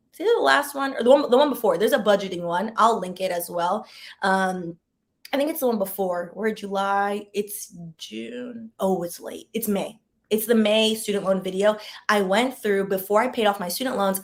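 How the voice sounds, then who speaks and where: A woman and former lawyer hosting a casual advice chat, candid and self-deprecating, repeating words for emphasis and making asides to her viewers. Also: medium pitch. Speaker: former lawyer and channel host.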